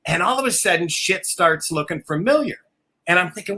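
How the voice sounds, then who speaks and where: A man's voice: sits high, lively intonation, brisk, pushed and bright. A man telling wild road stories on a casual live video call, laughing often, swearing freely and acting out other people's voices. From family from Oklahoma.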